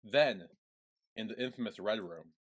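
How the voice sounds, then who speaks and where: A man's voice: fairly low pitch, moderate pace, husky. A man co-hosting a casual podcast, retelling scenes in a chatty storytelling way. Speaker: podcast co-host. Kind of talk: casual recap chat.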